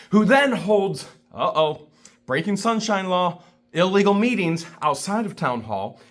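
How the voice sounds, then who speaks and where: A man's voice: fairly high pitch, a bit bright. A man vlogging an indignant, scornful rant to camera, repeating himself for emphasis. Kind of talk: ranting commentary to camera.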